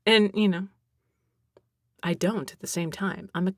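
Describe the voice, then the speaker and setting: A young adult woman from Texas hosting a solo podcast, rambling with self-mocking asides, giggles and hushed whispered mutters. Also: on the low side, fairly even intonation, a little slow, no echo, studio quality. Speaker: podcast host.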